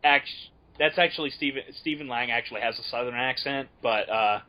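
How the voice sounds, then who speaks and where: A man co-hosting a casual film discussion podcast, sarcastic and quick to laugh. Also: mid-range voice, sharp tone. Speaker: podcast co-host. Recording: dull lo-fi audio.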